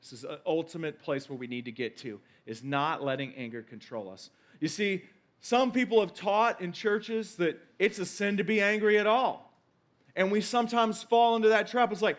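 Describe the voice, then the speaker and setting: High-voiced man preaching a lively sermon. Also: moderate pace. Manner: lively preaching, quoting scripture with emphatic repetition. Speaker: pastor.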